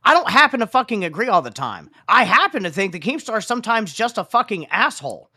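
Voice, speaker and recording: A man with a bright, animated voice speaks bluntly and profanely on a live stream. His pitch rises and falls a lot as he makes his point. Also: fast talker. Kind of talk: livestream talk.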